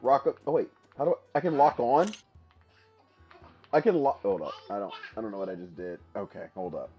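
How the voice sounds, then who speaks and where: A man streaming a game for the first time, commentating excitedly, laughing and trash-talking his opponent. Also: on the low side, brisk, muffled recording, faint music behind. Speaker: gaming streamer. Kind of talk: casual live gameplay commentary.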